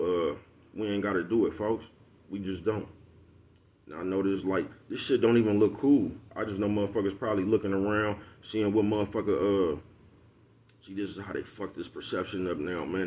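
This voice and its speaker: A man talking casually to his followers in a loose street-slang monologue, laughing often and asking "you know what I'm talking about" again and again. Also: low-pitched. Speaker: vlogger.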